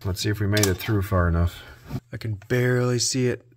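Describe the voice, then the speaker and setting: A man hosting a repair video, narrating his work out loud with dry little jokes to himself. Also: lowish voice, brisk. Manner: self-talk with dry jokes. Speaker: host.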